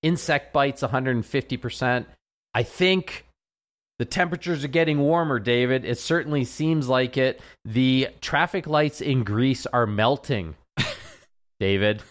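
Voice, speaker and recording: A man's voice: mid-range voice, unhurried. A man, a veterinarian, chatting casually on a radio show, rambling and often repeating his words. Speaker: veterinarian guest.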